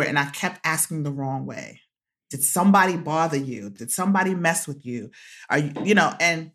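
A woman guest author sharing a personal story in an interview, animated and repeating phrases for emphasis, laughing often. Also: fairly low pitch. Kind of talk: emotional conversational interview.

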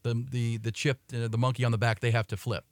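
A man co-hosts casual sports talk from a studio, steering the conversation with blunt, plain-spoken asides. His voice sits at an ordinary middle pitch and is recorded dry and close. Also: level tone, quick pace, no echo. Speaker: co-host. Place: radio studio.

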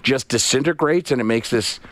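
A man's voice: medium pitch, brisk, no room sound. A man in his late fifties hosting an afternoon radio show, telling rambling, self-deprecating stories from the studio. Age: 50s. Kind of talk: casual on-air chat. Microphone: studio mic with headset.

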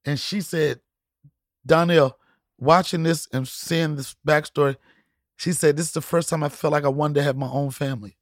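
A middle-aged man, a comedian guest, telling stories in casual chat with loud, profane, laughing punchlines. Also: on the high side, fairly even intonation, moderate pace, dry recording, studio quality.

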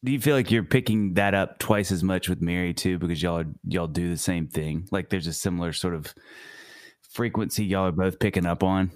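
A man's voice: sits low, moderate pace, no echo, studio quality. A man co-hosting a podcast interview, asking casual, loose questions.

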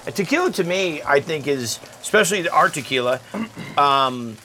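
A man's voice: a little high, lively intonation, normal speed, pushed and bright. Chatty man telling stories in a noisy kitchen. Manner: chatty storyteller, acts out quoted voices. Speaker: guest chef and restaurateur. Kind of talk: casual chat while cooking.

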